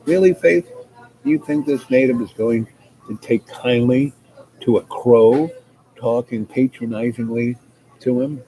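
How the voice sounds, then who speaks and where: A man's voice: mid-range voice, measured pace, mellow, lightly acted, poor audio. A man voicing an ancient, know-it-all talking crow, speaking in a lofty, scolding way over a noticeable hiss.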